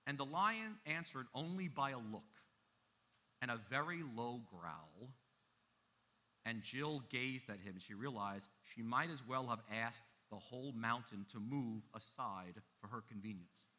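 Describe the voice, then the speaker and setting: A man preaching a sermon as pastor, emphatic, with big swings in loudness. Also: mid-range voice, animated, a little slow.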